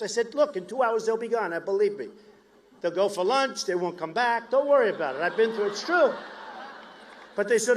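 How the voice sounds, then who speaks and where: A man giving a rambling, boastful campaign rally speech from a podium, tossing shouted asides to the crowd. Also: high-pitched, animated, fairly quick, a little hiss or hum. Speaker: political candidate. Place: large outdoor stadium rally.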